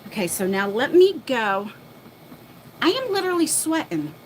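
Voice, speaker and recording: A woman's voice: on the high side, very animated, a little hiss or hum, low-quality recording. Chatty, breathless New woman livestreaming. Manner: chatty, talks to viewers and her dog while rushing around. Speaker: livestream host. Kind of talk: casual live chat. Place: home, moving between floors.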